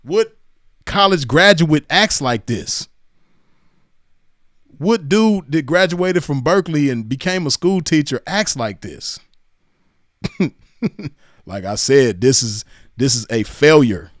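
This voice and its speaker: A man's voice: fairly high pitch, animated, slow pace, long pauses, dry recording, studio quality. A man from Los Angeles County with a Southern California accent, hosting casual reaction commentary in a mocking tone and laughing often. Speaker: commentary host reacting to clips.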